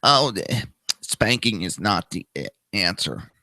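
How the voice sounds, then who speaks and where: A man's voice: on the low side, very animated, slow pace, pushed and bright, no echo. A man in his thirties hosting a talk show, giving crude, profane and sarcastic ranting commentary.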